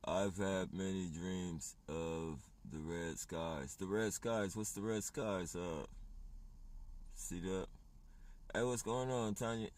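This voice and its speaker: Low, slow-talking man livestreaming. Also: darkish tone. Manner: rambling, profane, laughs often. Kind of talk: casual livestream chat.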